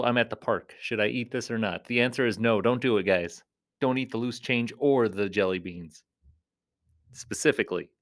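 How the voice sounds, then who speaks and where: A clown entertainer chats casually and playfully in a rambling vlog. He often leaps into high, silly tones.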